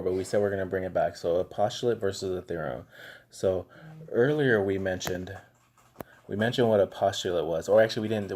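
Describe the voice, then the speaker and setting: Math teacher, middle-aged man, low mellow husky voice, easygoing anecdotal delivery. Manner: relaxed, chatty, tells anecdotes with lots of fillers. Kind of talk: casual classroom lesson.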